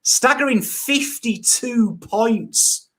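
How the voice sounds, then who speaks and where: A dry, teasing Englishman with a high voice banters about footy as co-host. He leans on "I mean" and little asides as he needles his mate. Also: expressive, very slow, a bit bright. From England.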